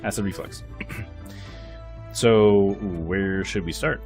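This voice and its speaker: A young man streaming a game, reading its text aloud with lively commentary and frequent laughs. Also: deep voice, slow pace, pauses often, soft background music. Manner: lively, laughs often, reads narration aloud.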